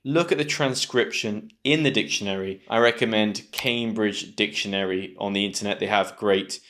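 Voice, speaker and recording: A British man with a British English accent, teaching English pronunciation to camera and slowly repeating words clearly. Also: lowish voice, fairly bright tone. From Britain.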